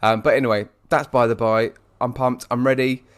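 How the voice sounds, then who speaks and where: A man's voice: medium pitch, steady tone, brisk. A young British man co-hosting a podcast in a jokey, upbeat, chatty way. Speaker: podcast co-host. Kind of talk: casual chat.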